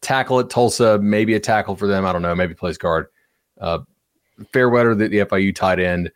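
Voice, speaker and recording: Low-voiced casual sports podcast man. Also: a little fast, clear, resonant tone, dry recording, studio quality. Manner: loose, rambling, fillers and restarts. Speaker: podcast co-host.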